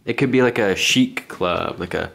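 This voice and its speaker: A man's voice: low voice, normal speed, vocal fry, fairly bright tone. A young man chatting with a friend at home, teasing and blunt. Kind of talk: casual chat. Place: home room.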